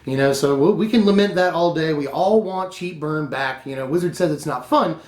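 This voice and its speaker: A man's voice: on the high side, moderate pace, darkish tone. A man hosting his own channel, reviewing card spoilers in a casual, enthusiastic chat and laughing often. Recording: roomy echo.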